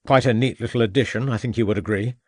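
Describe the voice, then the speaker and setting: A man voicing a scheming, murderous Victorian gentleman who gloats and sneers at the inspector. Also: mid-range voice, fast talker, dry recording, studio quality, lightly acted. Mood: menacing.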